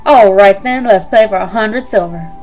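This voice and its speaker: A woman's voice: mid-range voice, moderate pace, a little mellow, soft background music, natural voice. A woman voicing a smug male gambler in a game, with a put-on hillbilly drawl. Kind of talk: let's play character voicing.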